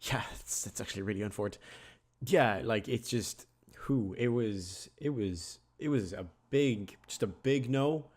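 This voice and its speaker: While playing a video game, a male gaming YouTuber rambles on in a lowish, darkish voice at an unhurried pace. His commentary is casual and chatty, sprinkled with jokey asides.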